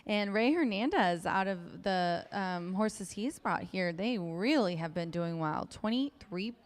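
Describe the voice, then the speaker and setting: Smooth-voiced woman handicapping a race. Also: mid-range voice, animated, a little slow. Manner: chatty and upbeat, with frequent ums. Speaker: racetrack handicapper. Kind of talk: race preview analysis.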